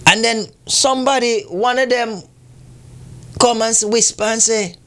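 High-voiced man scolding his listeners. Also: measured pace, fairly bright tone, slight background noise. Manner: preachy, scolding, asks rhetorical questions. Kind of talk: impassioned community commentary.

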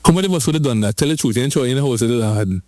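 A man preaching a lively sermon, switching into patois and drawing out lines slowly for emphasis. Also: medium pitch, no room sound. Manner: animated, rhythmic preaching in patois-flavored speech.

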